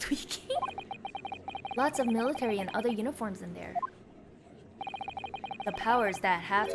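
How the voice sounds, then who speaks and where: A woman's voice: fairly high pitch, background noise. A young woman streaming a game, reading its dialogue aloud in several voices and reacting with playful giggles. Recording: music playing behind the voice.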